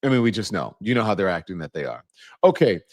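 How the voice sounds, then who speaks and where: A man's voice: fairly low pitch, expressive, fast talker, dry recording, clean studio sound. A man hosting a live commentary stream, talking in a rambling, conversational way and growing indignant about the news. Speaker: host. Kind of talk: livestream commentary.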